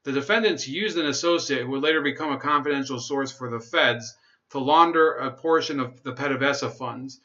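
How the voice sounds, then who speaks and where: A man's voice: medium pitch, normal speed, sharp tone, lo-fi sound. Sarcastic man reading news on a livestream. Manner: sarcastic, laughs at own jokes, reads chat comments. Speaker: livestream host.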